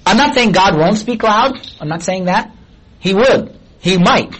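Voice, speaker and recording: Husky, high-voiced preacher man. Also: a little slow, poor audio. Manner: animated, conversational preaching with rhetorical questions. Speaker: pastor. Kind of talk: sermon.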